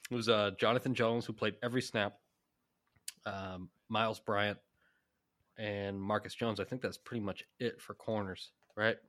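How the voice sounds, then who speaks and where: A man co-hosting a sports podcast, giving quick opinions in casual chat with frequent restarts. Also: lowish voice, level tone, fairly bright tone. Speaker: podcast co-host.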